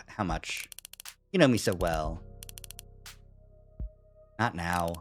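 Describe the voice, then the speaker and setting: A streamer plays a story game live, reading choices aloud and tossing in dry, deadpan remarks. The pitch moves around a lot, with faint game music underneath. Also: slow, long pauses.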